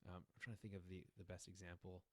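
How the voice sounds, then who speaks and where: A man's voice: low voice, flat delivery, fast talker, fairly bright tone, no echo. A man co-hosting a podcast, talking through a TV episode in easy, chatty recap. He laughs often and slips into the lines of the scenes as he retells them. The sound is close and dry, with no room around it. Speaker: podcast co-host.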